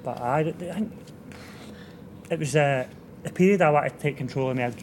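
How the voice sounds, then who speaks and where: A man's voice: a little high, normal speed, a little mellow. Scottish football manager talking straight about his team, some noise behind. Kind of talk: casual interview chat. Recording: background noise.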